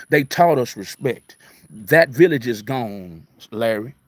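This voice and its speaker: A man's voice: a little high, lively intonation, takes it slowly, dry recording. A middle-aged man hosting a casual live talk, answering comments in an emphatic, repetitive, preachy way, with a mix of city and country speech. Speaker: radio host answering viewer comments.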